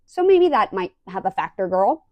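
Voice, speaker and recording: A woman's voice: medium pitch, moderate pace, no echo, dull audio. Chatty young woman recapping reality TV. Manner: animated, acts out quoted lines loudly. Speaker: recap vlogger.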